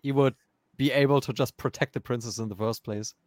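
A man's voice: mid-range voice, fairly even intonation, brisk, darkish tone, no room sound. A man guesting on a gaming podcast, chiming in with dry, questioning remarks. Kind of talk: casual chat.

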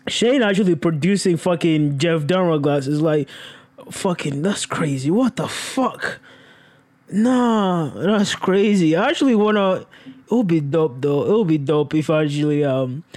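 A young man vlogging in a profane, rambling way, breaking into sudden high exclamations. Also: lively intonation, a little slow, darkish tone. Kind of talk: casual rambling chat.

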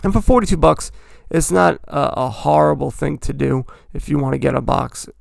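A man's voice: fairly high pitch, normal speed, gravelly, no room sound, studio quality. A man hosting a podcast, talking in a rambling, chatty way and correcting himself as he goes. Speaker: podcast host. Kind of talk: casual hobby talk.

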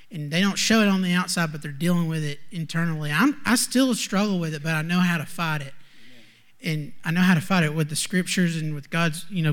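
An earnest young man gives a personal testimony. His voice sits somewhat high, and he keeps stopping to search for words, filling gaps with "like.". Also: fairly bright tone. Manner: earnest, halting, heavy on "like". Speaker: student sharing a testimony.

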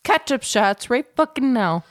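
A tipsy young woman co-hosting a podcast, loud, profane and giggly. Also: fairly high pitch, animated, a little slow. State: drunk. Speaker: podcast co-host. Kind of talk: tipsy casual chat.

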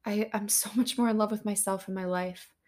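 A woman hosting a podcast, talking openly and earnestly in a casual, heartfelt monologue that turns excitable at times. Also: medium pitch, brisk. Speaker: podcast host.

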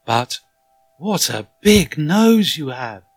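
A man's voice: on the high side, big pitch swings, slow pace, faint music behind, pitched above the performer's own voice, full character voice. A man voicing a curious, nervous young girl in a storybook, speaking hesitantly. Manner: hesitant, wondering.

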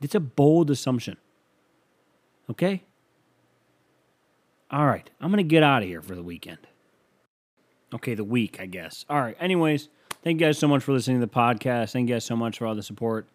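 Man, podcast host, solo comedy monologue, rambling, sarcastic, swears a lot, mid-pitched voice. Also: animated, brisk, long pauses.

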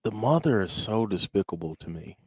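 A man's voice: on the low side, big pitch swings, a little fast, husky, dry recording. A man in casual conversation about a film, speaking thoughtfully and hesitantly, often restarting his sentences.

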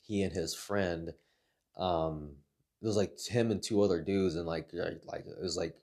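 A man's voice: low-pitched, moderate pace, darkish tone. A man telling rambling stories in a casual chat, swearing a lot. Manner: rambling, heavy swearing, laughs through his stories. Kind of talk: casual storytelling.

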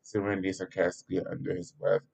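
A man's voice: low-pitched, completely flat delivery, quick pace, gravelly, a little mellow, husky, low-quality recording. A man narrating a story aloud in a homemade reading, stumbling and restarting now and then. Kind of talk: amateur read-aloud narration.

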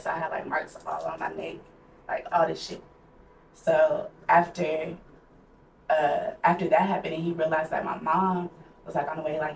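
A woman's voice: deep voice, gravelly. A young woman co-hosting a podcast, telling a personal story in a candid, casual way with lots of "like". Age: young adult. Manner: candid, conversational, heavy use of "like". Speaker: podcast co-host. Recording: roomy echo, distant mic, faint noise.

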